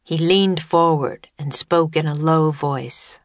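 A woman reading a children's chapter book aloud as narrator, measured and even, close to the mic. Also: sits low, no echo. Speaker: audiobook narrator. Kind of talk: scripted narration.

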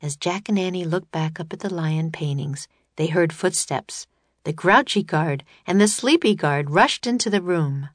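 A woman narrating a children's audiobook in a steady, measured reading voice. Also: fairly low pitch, dry recording.

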